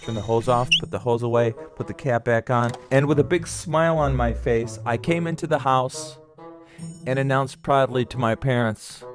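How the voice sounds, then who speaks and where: A middle-aged man hosting a podcast, telling childhood stories in a relaxed monologue and acting out the quoted voices now and then. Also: mid-range voice, normal speed, over music. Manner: nostalgic, acts out quoted voices with some filler words. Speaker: podcast host. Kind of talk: storytelling monologue.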